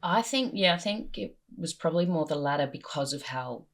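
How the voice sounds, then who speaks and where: A woman's voice: low-pitched, fairly quick. Candid, self-deprecating woman comedian. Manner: animated, self-deprecating, swears freely. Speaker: comedian and interview guest. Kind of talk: candid conversational storytelling.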